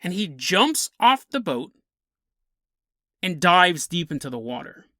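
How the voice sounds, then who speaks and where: A man's voice: high voice, big pitch swings, slow pace, bright, forceful tone, dry recording, studio quality. A man hosting a podcast, telling an odd story in a chatty, amused way and chuckling as he goes. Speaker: podcast host. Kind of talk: casual storytelling narration.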